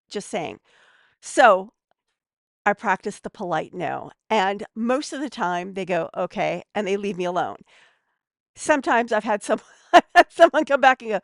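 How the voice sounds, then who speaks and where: A woman's voice: medium pitch, animated, moderate pace, dry recording, studio quality. A woman giving casual advice as a podcast guest, chatty and a bit snarky.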